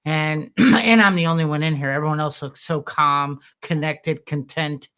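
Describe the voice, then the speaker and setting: A man co-hosting a podcast who tells personal stories in a lively, self-mocking way and clears his throat now and then. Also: a little high, normal speed. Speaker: podcast co-host. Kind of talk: candid podcast conversation.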